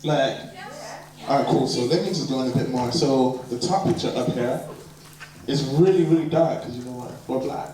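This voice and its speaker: A man in his twenties with an American-influenced accent, a producer and worship leader telling his life story in a relaxed, rambling way. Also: mid-range voice, normal speed, background noise. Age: 20s. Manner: relaxed, rambling, lots of fillers. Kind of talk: personal life story talk. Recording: very echoey hall, distant mic, audible background.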